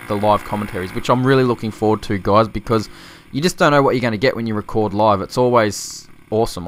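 A man's voice: fairly low pitch, fairly bright tone, a little hiss or hum. An Australian man chatting casually in a rambling, laughing vlog while riding a motorbike, recorded on a chest-mounted camera. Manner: rambling, laughing, swearing freely. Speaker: motovlogger. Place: outdoors on a motorbike.

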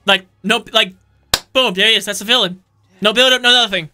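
A man giving jokey, excitable commentary while playing a video game, often shouting his reactions. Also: high voice, fairly quick, noisy background. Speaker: let's play host. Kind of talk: gameplay commentary.

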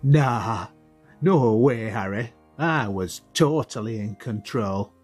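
A man's voice: on the low side, slow, a little mellow, breathy edge, soft background music. A man voicing a cocky young boy who mocks his friends. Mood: teasing. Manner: swaggering, mocking banter.

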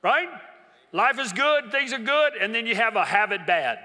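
A man's voice: high-pitched, lively intonation, moderate pace, sharp tone. A man preaching a sermon in a church, joking and emphatic, calling on the congregation to repeat after him. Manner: humorous, emphatic preaching with call-and-response. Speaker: pastor. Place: large church hall. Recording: long hall reverb.

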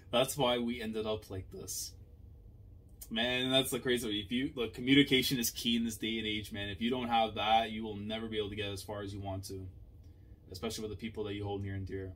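A man hosting a manga reaction video who reads the characters' dialogue aloud in a subdued voice. Between the lines he bursts out loudly and excitedly at what he reads, then drops back to quiet reading. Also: lowish voice, fairly quick, a little hiss or hum. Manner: excitable, swings from quiet reading to loud outbursts.

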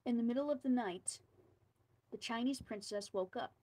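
A woman with a fairly high voice reads a scary tale aloud. She tells it like a storybook and drops in quiet asides of her own. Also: moderate pace, low-quality recording.

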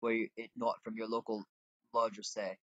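A man's voice: lowish voice, flat delivery, moderate pace, fairly bright tone, no echo. A man voicing a fussy, pompous male cook with grandiose phrasing, reading game dialogue aloud. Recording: dull lo-fi home mic.

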